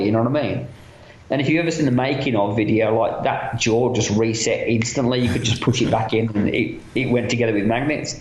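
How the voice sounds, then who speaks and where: A man who works as a special effects makeup artist, telling stories from film sets in a casual interview, chatty and animated, acting out what other people said. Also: mid-range voice, normal speed. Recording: roomy, dull lo-fi sound.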